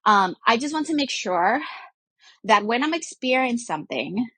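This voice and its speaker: A woman mindset coach talking casually in a voice memo, rambling quickly with many fillers and restarts. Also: a little high, big pitch swings, sharp tone, breathy edge, no echo.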